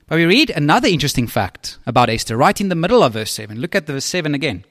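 A man's voice: fairly high pitch, very animated, fast, fairly bright tone, dry recording, studio quality. A man preaching as a pastor, talking conversationally and often checking in with the congregation. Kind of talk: sermon.

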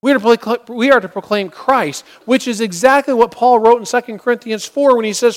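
A man's voice: very high-pitched, a little fast, hardly any pauses, big-room sound. A man preaching a sermon, earnest, often acting out prayers and inner thoughts as he teaches. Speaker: pastor.

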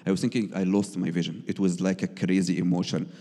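A man's voice: low-pitched, little pitch movement, fast, mellow, long reverb tail. A man, telling his personal testimony as a missionary in earnest, broken English with frequent restarts. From Egypt.

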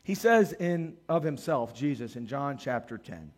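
A middle-aged man preaching a sermon as a pastor, animated and acting out the voices in his stories. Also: mid-range voice, a little slow. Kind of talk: sermon with storytelling.

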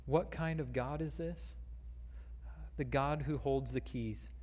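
Preacher in a reverberant sanctuary. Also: male voice, mid-range voice, slow, darkish tone. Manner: reads a long quoted passage aloud, with fillers and restarts. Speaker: pastor. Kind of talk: sermon.

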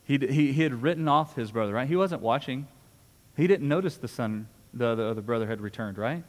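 A man's voice: medium pitch, animated, fairly quick. A man preaching a sermon in a conversational way, often repeating words and asking "right?". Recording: long hall reverb.

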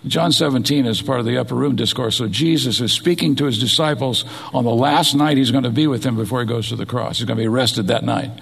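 A middle-aged male pastor preaching a sermon with animated, dramatic retelling of scripture. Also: mid-range voice, quick pace, creaky, hardly any pauses, breathy edge. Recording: long reverb of a large hall.

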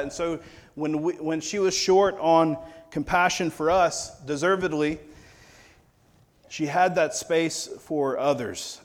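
A man preaching a sermon in a conversational, wry storytelling manner. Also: a little high. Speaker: pastor.

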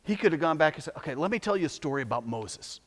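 A man with a high voice preaches a sermon in a space with long reverb. He moves from soft, hushed storytelling to loud, urgent exhortation. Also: animated, quick pace. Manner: dramatic swings between hushed and loud, exhorting. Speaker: pastor.

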